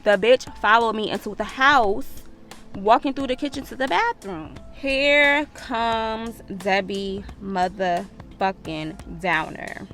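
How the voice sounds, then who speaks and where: A woman's voice: fairly high pitch, slow pace, a bit bright, soft background music. A woman vlogger, telling a storytime with profanity and acted-out quotes. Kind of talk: storytime vlog.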